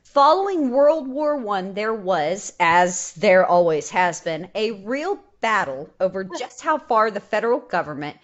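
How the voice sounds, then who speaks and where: A woman with a Texas accent hosting a history podcast, chatting casually and telling stories in an animated way. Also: medium pitch, measured pace, hardly any pauses, dull audio. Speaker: podcast host. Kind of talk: casual chat.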